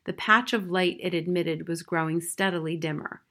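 A woman narrating a children's novel in a steady, plain storytelling manner. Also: on the low side, normal speed, hardly any pauses. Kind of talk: reading a children's novel aloud.

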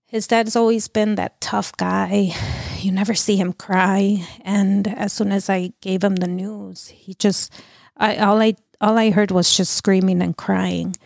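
Middle-aged woman sharing a personal loss, gravelly voice, halting with lots of "like", dry close sound. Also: mid-range voice, a little mellow, dry recording. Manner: halting, many restarts and "like" fillers. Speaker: guest. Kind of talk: emotional personal testimony.

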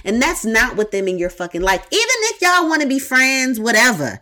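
A woman's voice: a little high, very animated, a little fast, sharp tone. A woman podcast host giving casual advice in a blunt, profane, emphatic way, repeating her points for emphasis.

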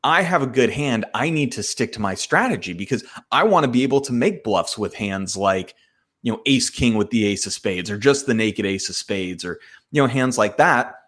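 A man hosting a solo podcast, walking through a hand he played with animated, self-mocking storytelling. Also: mid-range voice, moderate pace. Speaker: podcast host.

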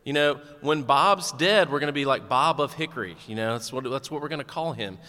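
A man preaching a sermon in a church, animated and conversational with bits of humor. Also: medium pitch, brisk, long reverb tail. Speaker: pastor.

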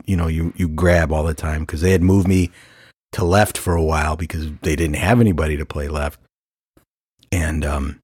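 A middle-aged man tells a rambling story with a very lively, swooping pitch. He laughs often, and his voice leaps up high whenever he quotes someone. The recording is dry and close, with no room sound. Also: slightly rough, no echo. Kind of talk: casual storytelling.

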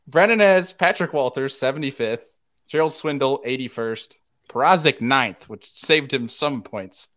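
A man's voice: mid-range voice, expressive, normal speed, a bit bright. A man hosting a casual fishing chat, reading out scores, teasing his friends and laughing often. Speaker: host.

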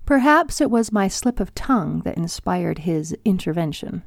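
An older woman hosting her own podcast and reading aloud from her memoir in a calm, measured way. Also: on the low side, creaky, no echo, clean studio sound. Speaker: podcast host and author.

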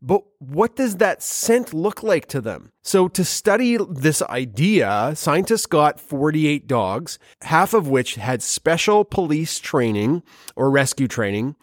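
A man's voice: on the high side, sing-song, slow pace, dry recording, studio quality. A man hosting a science podcast, chatting casually and joking, with playful put-on quotes. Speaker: podcast host.

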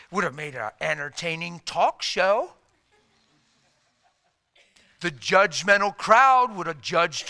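A male preacher giving a sermon, telling stories in an animated, humorous way. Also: on the high side, clear, resonant tone.

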